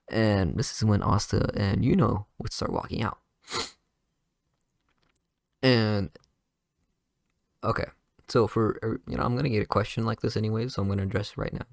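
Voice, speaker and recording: A man's voice: on the low side, fairly even intonation, moderate pace, gravelly, long pauses, dry recording, studio quality. A man casually improvising a fan story, rambling with lots of fillers and restarts.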